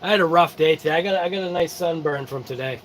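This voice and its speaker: Tired male host, high-pitched, easygoing live-chat delivery, faint background noise. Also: fast, a bit bright, rough recording. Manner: tired, yawning, laid-back and chatty. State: sleepy. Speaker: RC channel host. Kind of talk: casual live-stream chat.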